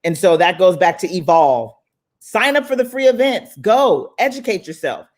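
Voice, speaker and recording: A woman's voice: on the low side, lively intonation, normal speed, darkish tone. A woman hosting a live online summit in casual, motivational chat. She sounds affectionate and upbeat, calling listeners "baby" and "y'all". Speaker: summit host.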